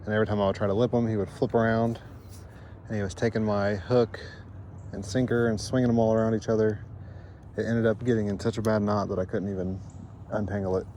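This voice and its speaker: A man's voice: on the low side, fast talker. Easygoing man chatting while fishing outdoors. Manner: easygoing, chatty and self-deprecating. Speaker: fishing vlogger. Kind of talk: casual running commentary. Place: outdoors on a lake, fishing from a paddled boat. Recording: outdoor recording with steady background noise.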